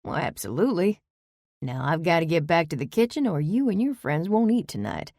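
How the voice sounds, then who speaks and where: Woman doing a drawling Southern chef, gravelly and low. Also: big pitch swings, a little mellow, no echo, studio quality. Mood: easy charm. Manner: slow courtly drawl. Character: charming laid-back male Southern chef. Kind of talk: audiobook character voice.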